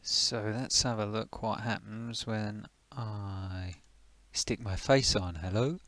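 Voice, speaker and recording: A man's voice: lowish voice, steady tone, takes it slowly, fairly bright tone, no echo. A man casually chatting on a live stream, greeting viewers by name and thinking aloud as he tweaks his settings.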